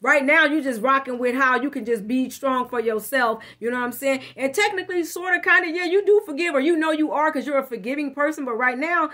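High-voiced blunt profane woman tarot reader. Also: fairly quick, few pauses, bright, forceful tone. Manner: emphatic, addresses listener directly. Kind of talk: casual tarot reading monologue.

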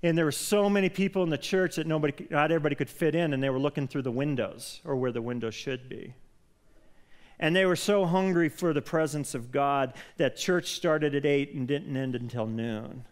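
A man preaching a sermon as a pastor, telling a story with lively, animated delivery that grows loud when he quotes a prayer. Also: fairly high pitch, a little fast. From Colorado. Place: church sanctuary.

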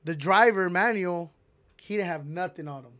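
A man hosting a podcast, telling a long story in a rambling, animated way and swearing heavily, on a close mic. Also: high voice, moderate pace, no room sound. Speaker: podcast host. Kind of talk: casual storytelling.

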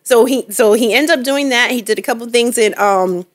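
Middle-aged actress guest, fairly high voice; animated, laughing interview storyteller. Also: female voice, moderate pace. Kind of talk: casual interview chat.

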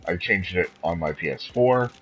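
A man streaming a video game live, chatting loosely with viewers and breaking into sudden excited outbursts and odd noises. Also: low voice, normal speed, faint music behind. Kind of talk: casual live-stream chatter while playing.

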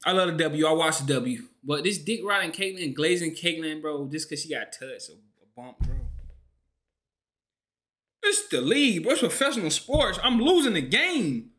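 A man's voice: on the high side, animated, moderate pace, bright, forceful tone. Young man ranting over a clip. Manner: exasperated, ranting, slangy. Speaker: streamer reacting to a clip. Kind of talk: casual reaction commentary.

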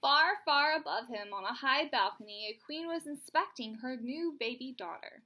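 A young woman, a teacher at home, reading a storybook aloud to her child with animated, chatty asides. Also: high-pitched, moderate pace.

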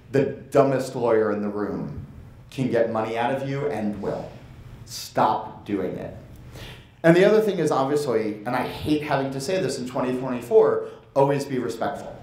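A man's voice: on the low side, darkish tone, echoey room, low-quality recording. A man giving a conference talk in a blunt, emphatic, conversational way. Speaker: conference presenter.

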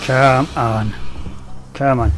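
A man talks over his horror game, cursing freely and coaxing the monster out. He swings from muttered grumbles to loud taunts when it gets close. A steady middle pitch, with music playing behind him. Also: extremely slow. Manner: swears a lot, taunts and coaxes the enemy, grows loud when frustrated. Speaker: gameplay commentator. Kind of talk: let's play commentary.

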